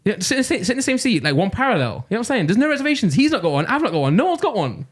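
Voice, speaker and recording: A man's voice: sits high, big pitch swings, racing. A young man with a Nottingham accent, telling a rambling story on a casual podcast and laughing his way through it. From Nottingham, England. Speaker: podcast co-host.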